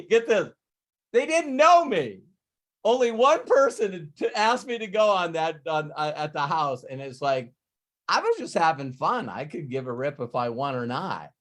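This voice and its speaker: Animated man telling stories on a call. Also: sits high. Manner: animated, acts out gamblers' voices. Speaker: host of a group video call. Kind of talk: casual storytelling to a live call.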